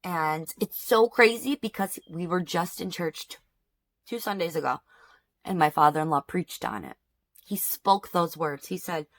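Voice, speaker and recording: With a low, creaky voice, a woman in her thirties rants through an upsetting storytime while doing her makeup at home. She's an outraged, emphatic beauty vlogger who repeats lines for effect in this emotional vlog.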